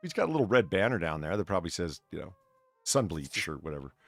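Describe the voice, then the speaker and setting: A man's voice: low-pitched, sing-song, fast talker, creaky, dry recording. A man hosting a casual podcast, reading news aloud with swearing and stumbling restarts. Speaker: podcast host.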